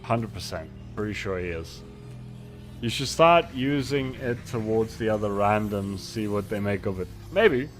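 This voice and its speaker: A man's voice: lowish voice, expressive, a little slow, faint music behind. A man streaming a game, chatting casually, rambling and mocking himself while reading chat aloud into a desk microphone.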